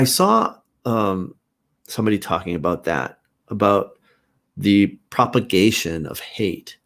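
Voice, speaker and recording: A man talks on his own live stream in a slightly low voice. He speaks earnestly and haltingly, circling back as he thinks aloud, picked up by a computer mic. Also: a bit bright. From Canada. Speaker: host. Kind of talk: casual live-stream monologue.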